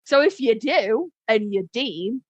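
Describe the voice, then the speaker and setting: A woman's voice: fairly high pitch, expressive, slow, dry recording, lo-fi sound. A woman co-hosting a podcast in casual chat, blunt and self-deprecating, swearing freely. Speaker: podcast co-host and instructor.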